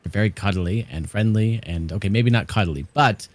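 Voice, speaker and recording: A man playing a character in a tabletop game, speaking gently and hesitantly with stammers. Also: fairly low pitch, brisk. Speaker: player.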